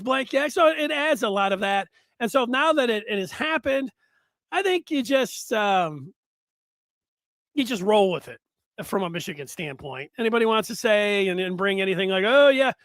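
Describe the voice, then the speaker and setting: A man hosting a solo sports talk show, rambling and animated with many fillers and restarts. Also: very high-pitched, creaky, dry recording, clean studio sound.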